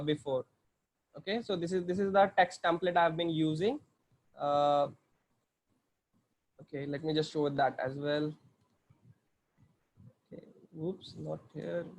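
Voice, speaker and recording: A man with an Indian English accent walking through a software demo on a screen share, hesitant, with many fillers and restarts. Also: a little high. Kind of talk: screen-share tutorial walkthrough.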